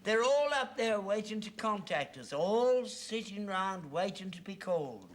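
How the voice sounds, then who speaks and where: A man's voice: sits high, expressive, measured pace. An actor playing a gullible older rag-and-bone man, earnest and insistent in a sitcom scene. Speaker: father. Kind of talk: 1970s sitcom acting.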